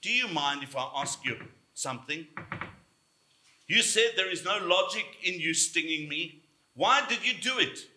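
A preacher voicing a wary, trusting turtle. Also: male voice, high-pitched, lively intonation, measured pace, hardly any pauses, bright, forceful tone, roomy sound, a little hiss or hum, heavily acted.

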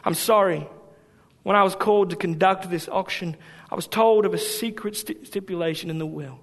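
A man's voice: sits high, normal speed. A preacher reading a persistent auctioneer man. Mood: calm. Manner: insistent, urging bids. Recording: long hall reverb.

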